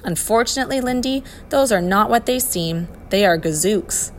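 A woman's voice: medium pitch, normal speed, slight background noise, natural voice. A woman reading the lines of a flustered, fussy old male professor in a storybook. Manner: exasperated, excitable.

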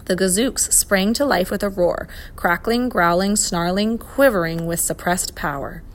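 Woman narrator, storybook reading, expressive, mid pitch. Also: measured pace. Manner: expressive, voices the characters.

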